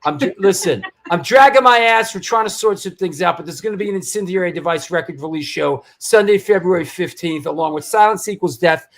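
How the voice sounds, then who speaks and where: High-voiced rambling male host. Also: fairly quick, hardly any pauses, a bit bright. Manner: rambling, stumbling, jokey. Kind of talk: live show announcements.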